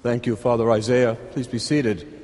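An older man from California, a priest delivering a homily in an unhurried, conversational way with dry humor. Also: medium pitch, fairly even intonation, a little mellow. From California, USA. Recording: long reverb of a large church.

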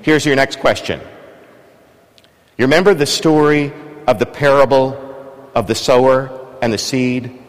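A man's voice: mid-range voice, a little slow, pauses often. A man preaching a sermon in a large church, talking casually and drawing the congregation in with questions. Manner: conversational, engages congregation with questions. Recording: long church reverb.

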